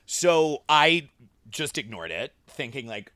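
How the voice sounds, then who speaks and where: A man telling a story on a casual comedy podcast, animated and laughing, at times bursting into loud shouts. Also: medium pitch, normal speed, no echo, studio quality. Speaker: guest comedian.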